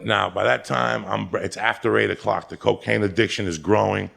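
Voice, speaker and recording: Gravelly, foul-mouthed storytelling man. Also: fairly low pitch, moderate pace. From Cuba. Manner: gravelly, animated, heavy swearing. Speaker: stand-up comedian telling a story. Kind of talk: profane storytelling monologue.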